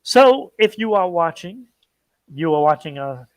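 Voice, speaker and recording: A male talk show co-host chatting casually about pop culture and his followers. He speaks slowly, in a somewhat high voice. The sound is dry and close on the mic. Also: sing-song, no room sound. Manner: chatty, plugs channels, trails off and restarts.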